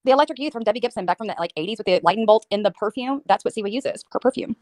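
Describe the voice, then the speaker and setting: A woman ranting on a livestream, swearing and mocking someone, slipping into high sing-song impressions. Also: animated, a little mellow, no room sound. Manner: profane, mocking, fast ranting. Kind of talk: heated livestream rant.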